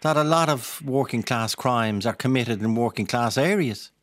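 A man with a Dublin accent hosting a radio phone-in, pushing back on a caller in a measured way with some hesitation. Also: mid-range voice, no room sound. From Ireland. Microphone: studio mic.

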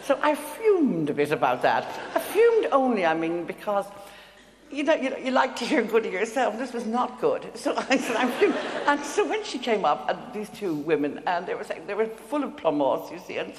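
Before a live audience in an echoey hall with audible hiss, a woman guest author tells a self-deprecating anecdote, chuckling as she goes. Her medium-pitched voice has a sing-song lilt and moves at normal speed.

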